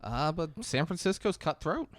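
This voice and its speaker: A man co-hosting a casual movie podcast, retelling scenes with lively acted-out voices. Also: a little high, dry recording, studio quality. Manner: animated storyteller, acts out movie scenes in quick voices. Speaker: podcast co-host. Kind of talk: casual movie recap chat.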